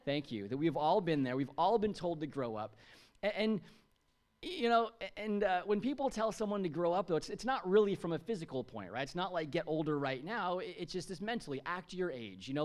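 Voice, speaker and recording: Jokey man preaching to a church. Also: on the high side. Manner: jokey, chatty, asks the congregation questions. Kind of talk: sermon.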